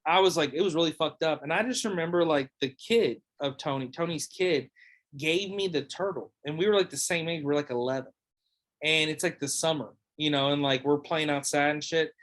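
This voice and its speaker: A man's voice: on the high side, brisk, a bit bright. A young man chatting casually on a podcast, rambling with lots of fillers and swearing. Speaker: podcast host or guest. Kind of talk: casual chat.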